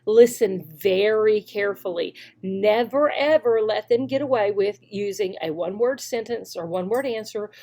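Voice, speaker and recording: A woman with a Southern US accent gives an instructional talk as an online English teacher. She speaks emphatically and slows down to model example sentences clearly. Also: medium pitch, darkish tone. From Southern United States.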